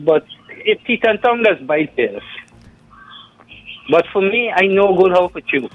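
A man, calling in to a radio talk show, who talks in a lively, jokey way with local sayings. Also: sits high, unhurried, phone-quality sound. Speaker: radio caller.

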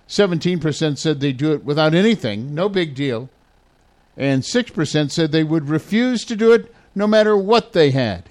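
A man's voice: on the high side, lively intonation, normal speed, darkish tone. A man hosting a morning radio show, chatting casually with filler uhs and chuckles.

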